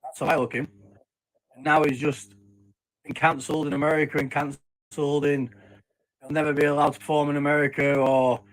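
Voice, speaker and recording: A man's voice: a little high, little pitch movement, brisk, long pauses, rough recording. A man delivering an indignant political rant to his viewers. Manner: indignant, ranting. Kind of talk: ranting opinion video.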